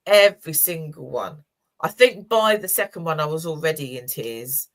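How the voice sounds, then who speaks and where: A woman's voice: sits low, expressive, moderate pace. A woman in her sixties co-hosting a community chat show, telling personal stories in an emotional, chatty way. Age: 60s. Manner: warm, emotional storytelling with laughs. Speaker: co-host. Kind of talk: casual chat.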